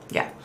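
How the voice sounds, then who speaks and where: A woman's voice: fairly low pitch, sharp tone, slight background noise. A middle-aged woman hosting a casual chat, telling a story to her viewers with frequent sighs. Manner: chatty storytelling, sighs often. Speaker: channel host.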